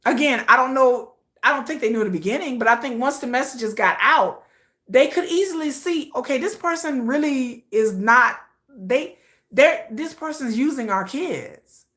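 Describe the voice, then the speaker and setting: Woman livestream host, blunt and slangy, bright tone, higher voice. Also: moderate pace. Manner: blunt, animated and slangy, acting out quoted lines. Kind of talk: casual opinion livestream.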